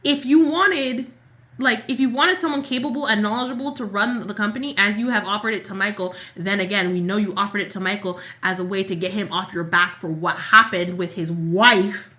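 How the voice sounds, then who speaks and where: A woman's voice: mid-range voice, steady tone, brisk, bright, forceful tone. A woman co-hosting a casual soap opera recap, talking in long, exasperated run-on rants. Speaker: podcast co-host.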